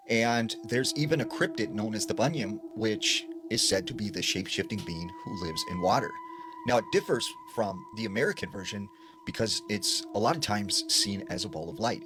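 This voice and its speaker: A low-voiced man recounts eerie encounters in a loose, conversational way, his pitch rising and falling with the telling. Steady background noise hangs behind him throughout. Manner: chatty, full of "like" and "you know" fillers. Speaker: storyteller. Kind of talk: casual spoken storytelling. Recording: noisy background ambience.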